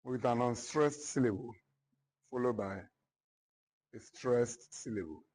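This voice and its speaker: A man teaching literature in a classroom, slowly repeating each point and often checking whether his students follow. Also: mid-range voice, a little mellow, rough recording. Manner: slow, repetitive, checks understanding often. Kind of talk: classroom lecture.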